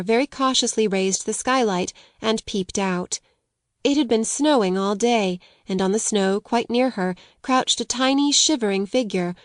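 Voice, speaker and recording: A woman narrating a classic children's audiobook in a measured, gentle reading. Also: medium pitch, no room sound, clean studio sound. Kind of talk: scripted storybook narration.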